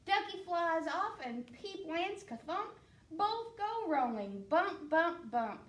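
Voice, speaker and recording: A woman librarian reading a children's picture book aloud in a playful, animated way, with sound effects. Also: very high voice, takes it slowly. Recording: echoey room, mic at a distance.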